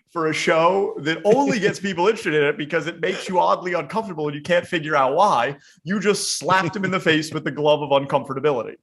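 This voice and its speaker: A man's voice: on the high side, fairly bright tone. A man co-hosting a podcast in casual chat, teasing his partner and arguing his points at length. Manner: teasing, wordy and argumentative. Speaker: podcast co-host.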